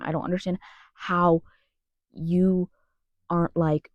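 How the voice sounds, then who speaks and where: A woman's voice: fairly low pitch, little pitch movement, unhurried, pauses often, a little mellow, dry recording, muffled recording. Young woman venting, rambly and sweary, super dry closet sound. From United States. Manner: angry, swearing, rambling with many restarts. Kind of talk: ranting vlog monologue.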